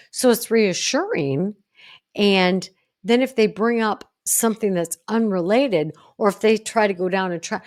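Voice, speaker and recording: A woman's voice: medium pitch, a little slow, darkish tone. A woman psychologist hosting a solo educational podcast, talking bluntly and emphatically and acting out sample phrases. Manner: blunt, down-to-earth.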